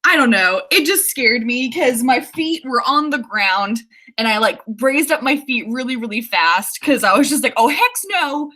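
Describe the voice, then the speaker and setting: A woman's voice: fairly high pitch, normal speed. A young woman chatting casually on a livestream from her apartment, giggling often and reading viewer comments aloud. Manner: giggly, excitable, laughs often. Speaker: author livestreaming writing sprints.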